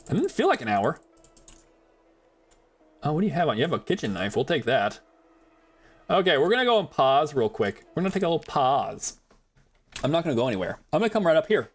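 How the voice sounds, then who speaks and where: A man's voice: on the high side, big pitch swings, a little fast, long pauses. A young man chatting rambly to his viewers while playing a game live, talking into a desk mic. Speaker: streamer. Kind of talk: live gameplay commentary.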